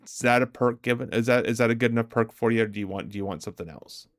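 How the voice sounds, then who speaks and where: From a home streaming setup, a male livestream host chats casually with viewers, answering their comments aloud and laughing often. His mid-range voice comes rapid-fire, and the recording is dry with clean studio sound.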